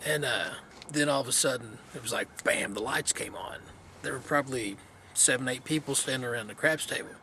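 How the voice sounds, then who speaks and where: A man's voice: mid-range voice, fairly quick, pushed and bright. A man vlogging outdoors in the cold wind, casually telling a story in a rambling, laid-back way with many fillers.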